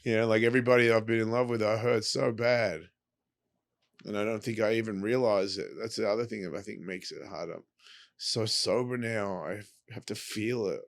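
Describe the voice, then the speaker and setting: A man's voice: fairly low pitch, fairly even intonation, normal speed, vocal fry. A middle-aged Australian man, a guest talking in a subdued, confessional, candid way with some swearing. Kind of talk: candid conversational talk.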